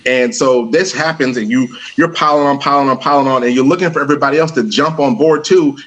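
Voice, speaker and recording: A man's voice: mid-range voice, quick pace, lo-fi sound. A middle-aged man, an author and speaker, telling stories as a podcast guest, acting out quoted dialogue and laughing often. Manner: animated storyteller who acts out quoted dialogue, laughs often. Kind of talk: conversational storytelling interview.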